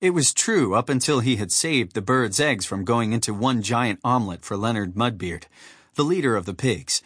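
Male narrator for a kids' audiobook: animated, husky, dry studio sound. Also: medium pitch, normal speed, dry recording. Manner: animated, storytelling. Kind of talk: scripted narration.

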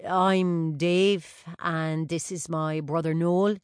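A woman's voice: low-pitched, steady tone, slow, clear, resonant tone, dry recording, studio quality. A woman reading an audiobook and voicing a prickly young male dancer with a curt, defensive manner.

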